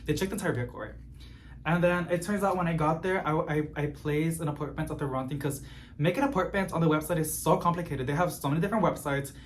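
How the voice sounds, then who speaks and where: A man telling a story in casual chat, expressive and growing exasperated as he vents. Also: on the high side, fast talker, slight background noise. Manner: expressive, gets animated and exasperated while venting. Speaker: plant vlogger.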